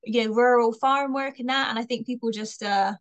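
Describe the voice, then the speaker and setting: A woman's voice: fairly high pitch, steady tone, fairly quick, lo-fi sound. A young woman from Bristol with a light Bristolian accent, a comedian chatting casually in an interview and laughing often. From Bristol, England. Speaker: comedian guest.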